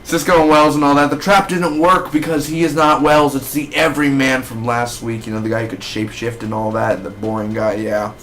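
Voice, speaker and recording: A man giving a casual spoken review of a TV episode, rambling and excitable with lots of fillers. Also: mid-range voice, fairly quick, hardly any pauses, a little hiss or hum. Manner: rambling, excitable fan talk with many fillers.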